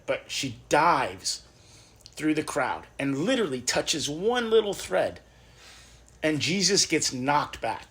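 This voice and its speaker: A man's voice: on the high side, big pitch swings, measured pace, a bit bright. A young adult man co-hosting a podcast, telling a story with feeling in a casual chat. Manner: emotional storyteller, acts out quoted lines. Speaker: podcast host.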